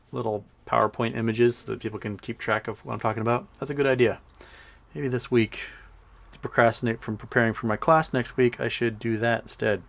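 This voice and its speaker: A man's voice: medium pitch, vocal fry. A man in his forties hosting a casual livestream, rambling and joking and laughing at his own jokes. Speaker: livestream host.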